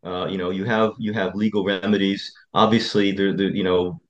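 A man's voice: low voice, level tone, normal speed, dull audio. A male attorney speaking as an interview guest, emphatic and repetitive as he tells stories. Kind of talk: interview conversation.

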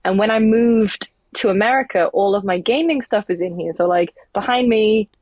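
A sleepy English woman hosts a podcast from the attic room of her mother's home, chatting loosely and swearing casually. Her voice is medium-pitched and darkish at a normal speed, with no echo.

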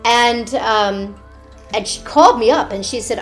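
A woman who works as a children's party performer, casually telling personal stories in an animated way and laughing often. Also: a little high, measured pace, soft background music.

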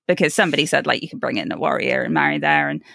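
A woman co-hosting a casual book discussion podcast, chatty, laughing often and throwing in animated asides. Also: low-pitched, very fast, vocal fry, no room sound, studio quality. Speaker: podcast co-host.

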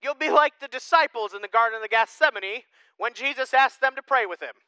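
A male pastor preaching a sermon in a casual, animated way, swinging from loud emphasis to hushed asides. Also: very high-pitched, brisk, smooth, dry recording, poor audio.

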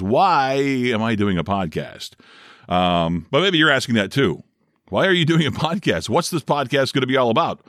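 A middle-aged former radio DJ from Northeast Ohio hosts his own podcast, delivering a casual solo monologue in a chatty, self-deprecating manner. His mid-range voice has a fairly bright tone, recorded with studio quality and no echo.

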